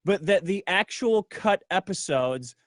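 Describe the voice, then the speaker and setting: A middle-aged man telling a profane, brash story in casual livestream talk, acting out other people's lines in a lower voice. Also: animated, a little slow, no echo, clean studio sound. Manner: acts out others' lines in a low voice. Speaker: guest.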